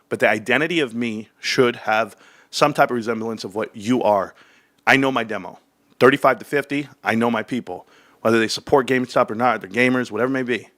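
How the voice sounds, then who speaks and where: Middle-aged male stream host, bright and forceful, dry close sound, heated and profane. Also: on the low side, no room sound. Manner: heated, profane, extremely animated. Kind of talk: live-stream rant.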